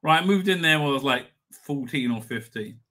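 Chatty, bright-voiced man. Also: medium pitch, expressive, fairly quick. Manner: rambling, swears, chuckles often. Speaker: livestream host. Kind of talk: casual live chat reading comments.

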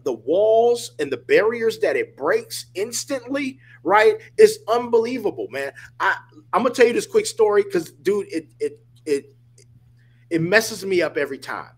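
A man talking as a guest on a video call, telling a story in a lively, emphatic way and often saying "dude" and "right?". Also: high voice, unhurried, slightly rough. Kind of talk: casual storytelling.

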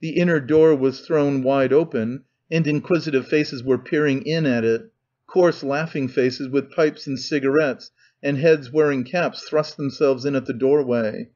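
Measured male audiobook narrator. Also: mid-range voice, steady tone, a little mellow. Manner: measured, deliberate reading. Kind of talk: scripted narration. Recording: dull lo-fi recording.

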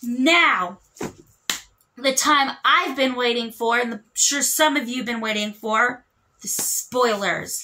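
A woman's voice: sits high, bright, forceful tone, slight background noise. A young woman chatting casually as a book vlogger, rambling with lots of fillers and restarts. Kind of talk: casual chat.

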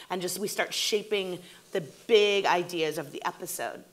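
A woman in her forties talks as a guest in an onstage interview, with a low voice. She tells stories in a lively way and acts out what people said in her writers' room. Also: moderate pace. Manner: animated storytelling, acting out quotes. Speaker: TV showrunner and guest.

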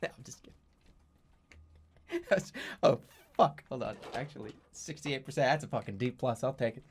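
A man streaming a video game live, reacting excitably with lots of swearing and laughter. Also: mid-range voice, a little fast, slight background noise. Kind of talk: live gaming commentary.

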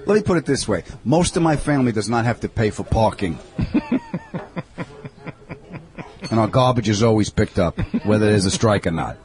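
A man from Long Island, a comedian guest telling profane, jokey stories in casual chat. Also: lowish voice. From Long Island, New York. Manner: animated, profane, quick jokes. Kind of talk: casual chat, comic storytelling.

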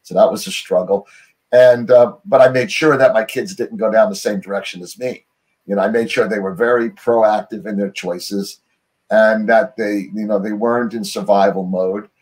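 A man's voice: fairly low pitch, fairly even intonation, normal speed, a little mellow. A middle-aged American man talks as an interview guest, rambling loosely through his story. He fills his speech with "you know" and breaks off to restart his sentences. He is heard over a remote call. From United States.

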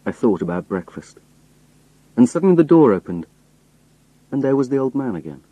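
A man reading a novel aloud in first person with slow, careful, expressive storytelling. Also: medium pitch, no room sound, highs cut off. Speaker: audiobook narrator.

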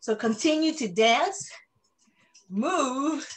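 A woman's voice: high-pitched, lively intonation, drawn-out words. A woman giving a short, breathless speech at an online fundraiser as co-president of a charity, laughing between phrases over a video call.

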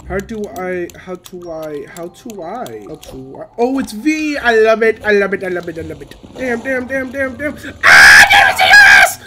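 Excitable young man yelling through gameplay. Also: high-pitched, normal speed, hardly any pauses, a little hiss or hum. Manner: excitable, swears and yells at the game. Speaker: gamer. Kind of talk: gameplay commentary. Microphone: headset. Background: game music.

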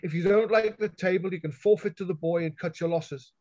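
A man's voice: sits high, fairly quick, a little mellow, no room sound. A man voicing a plain-spoken innkeeper who answers bluntly. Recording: dull lo-fi online call audio.

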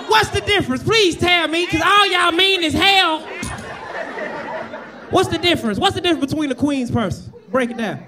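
A Southern man works the room as a stand-up comedian, brash and profane as he roasts people in the audience. His voice sits very high and swings wide. He's on a handheld mic on a club stage, with a loud crowd laughing and noisy around him. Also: very animated, normal speed, long pauses.

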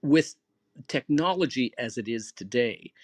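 This is a man hosting a conversational advice talk, and he speaks earnestly, like he is explaining things to the whole room. He acts out short example phrases with a different word stressed each time. His voice is of middle pitch and sits close to the mic with a dry sound. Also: animated, measured pace, no room sound. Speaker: host and moderator.

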